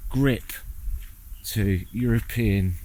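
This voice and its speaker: A man's voice: lowish voice, drawn-out words, warm tone, a little hiss or hum. A man making a casual travel vlog while walking outdoors, sardonic and self-mocking, swearing freely. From England. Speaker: travel vlogger. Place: outdoors, walking through a town.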